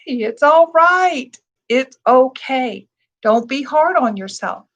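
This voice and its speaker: A woman meditation teacher speaking gently to her class, repeating soft reassurances and laughing lightly now and then. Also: sits high, animated, takes it slowly, lo-fi sound.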